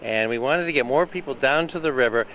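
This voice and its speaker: A man who chairs a town committee, explaining in a measured way with some restarts, in an outdoor interview. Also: mid-range voice, fairly bright tone, slight background noise, low-quality recording. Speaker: economic development chairman.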